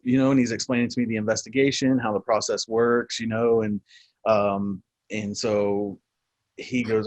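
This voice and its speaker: A man in his forties, a military veteran guest, telling war stories in a casual, profane, animated way with frequent laughs. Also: lowish voice, moderate pace, no echo. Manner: profane, animated storyteller who laughs often. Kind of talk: casual storytelling interview.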